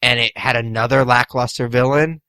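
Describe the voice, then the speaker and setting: A man with a forceful, mid-pitched voice co-hosts a podcast. He gives blunt, skeptical opinions in casual chat, recorded close and dry. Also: steady tone, moderate pace, smooth, dry recording. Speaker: podcast co-host.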